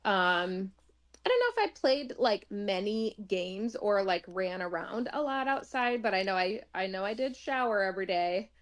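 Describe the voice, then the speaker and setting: A woman's voice: medium pitch, animated, moderate pace. A woman talking casually as an interview guest, chatty and laughing often, with many fillers.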